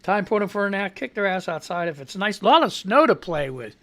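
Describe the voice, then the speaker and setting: A man hosting a casual live radio show, rambling loudly and swearing freely from a home studio. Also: high voice, big pitch swings, brisk. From United States.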